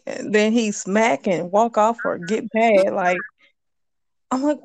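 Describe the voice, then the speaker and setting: A woman's voice: medium pitch, takes it slowly, no echo. A woman in casual chat, telling work stories with a laugh and loose slang. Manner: laughing storyteller, Southern US slang.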